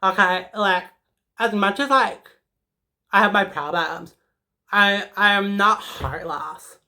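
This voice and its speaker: Woman playing a dramatic teen schoolgirl, rambly, filler-heavy, slow deliberate delivery, forceful bright tone. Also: medium pitch. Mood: reflective. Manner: rambling, peppered with "like", emotional. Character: sassy, dramatic teenage schoolgirl. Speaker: comedic character. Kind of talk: comedic character monologue.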